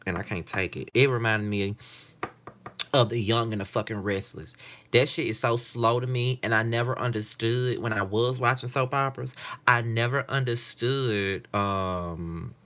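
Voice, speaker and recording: A man's voice: on the low side, sharp tone. A man in his late twenties chatting casually to camera in a candid, rambling, profane way. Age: late 20s. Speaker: vlogger. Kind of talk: casual vlog chat.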